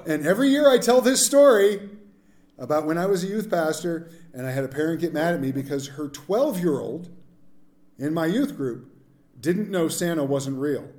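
A man's voice: a little high, moderate pace. A man preaching a sermon as pastor, mixing jokes and asides with scripture. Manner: jokey, animated preaching with asides.

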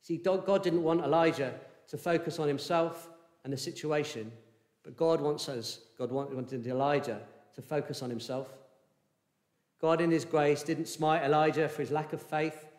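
A man preaching a sermon in an earnest, measured way, with fillers and restarts. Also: fairly high pitch, steady tone, a little mellow, roomy sound.

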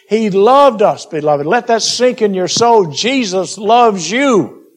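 A man preaching a sermon, urging his listeners and calling them beloved, with scripture read aloud in King James wording. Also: high-pitched. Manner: exhorting, addresses listeners as beloved.

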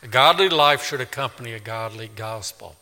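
A male pastor preaching a sermon in a church, emphatic, swinging from loud declaring to quiet pleading. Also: mid-range voice, a little fast. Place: church sanctuary. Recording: long reverb of a large hall.

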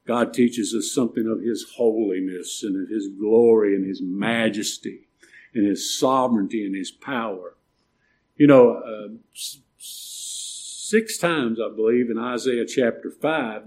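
An older man preaching a sermon, emphatic and building to loud, stressed points. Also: mid-range voice, unhurried. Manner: emphatic preaching, swelling louder on key points.

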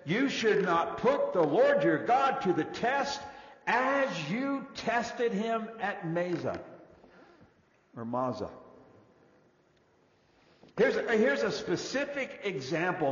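A man preaching a sermon in an animated way, his delivery moving between loud and hushed. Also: on the high side. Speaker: pastor. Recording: dull echoey hall recording.

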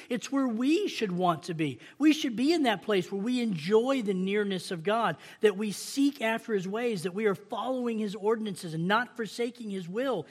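A man preaching an impassioned sermon, acting out the prayers of the people and often stammering over restarts. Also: high voice. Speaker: pastor.

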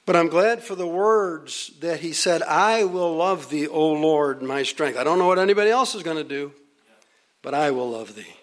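A man preaching a sermon, earnest and emphatic, repeating phrases and reading hymn and scripture lines slowly. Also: fairly high pitch.

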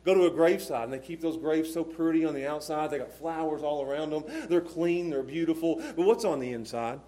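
A man preaching a sermon to a congregation in church, with a repetitive, emphatic cadence, swinging from hushed low tones to shouted emphasis. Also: fairly quick. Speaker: pastor. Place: church service before a congregation.

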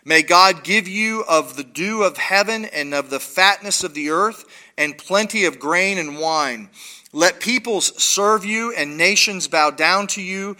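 A man voicing an old, blind father from a scripture reading, slow, solemn and hushed. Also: a little high.

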